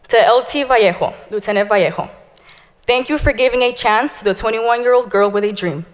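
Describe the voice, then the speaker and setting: A young woman in her twenties, a graduating police cadet giving an earnest, heartfelt thank-you speech. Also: mid-range voice. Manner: earnest, heartfelt, tearful near the end. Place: large hall. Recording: reverberant hall.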